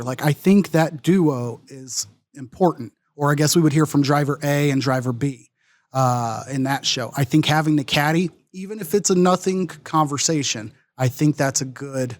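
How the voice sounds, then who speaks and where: A man's voice: fairly high pitch, no room sound. A man co-hosting a sports podcast, talking in a rambling way, filling with "like" and "uh". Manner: rambling, lots of "like" and "uh". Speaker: podcast co-host. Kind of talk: casual sports chat.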